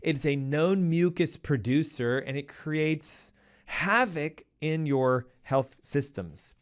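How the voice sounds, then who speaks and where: A man's voice: fairly high pitch, slow, clear, resonant tone. A man hosting a health advice show, talking emphatically and punchily straight to his listeners. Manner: acts out a panicking cardiologist in a raised voice. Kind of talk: energetic health advice talk.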